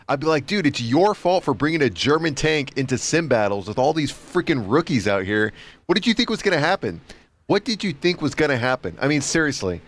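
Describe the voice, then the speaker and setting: A man chatting casually on a game stream, rambling and repeating himself with chuckling asides. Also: mid-range voice. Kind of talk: casual livestream commentary.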